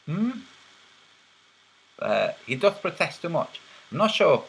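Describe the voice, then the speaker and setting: A man's voice: a little high, very animated, takes it slowly, gravelly, a bit bright, slightly rough, poor audio. A man hosting a livestream, casually reading chat and teasing viewers with a mocking, laughing manner. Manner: teasing, mocking, laughs at his own jokes.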